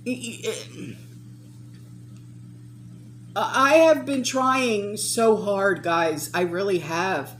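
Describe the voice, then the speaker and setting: A woman's voice: mid-range voice, very slow, pauses often, a bit bright. A woman vlogging about prepping, talking to viewers in an emphatic, exasperated, lecturing way. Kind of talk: casual to-camera vlog talk.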